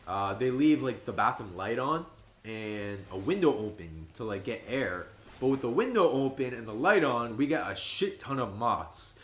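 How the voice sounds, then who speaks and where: A man in his twenties chatting casually on a gaming livestream, telling stories and jumping high and loud when he quotes his friends. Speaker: streamer. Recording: roomy echo.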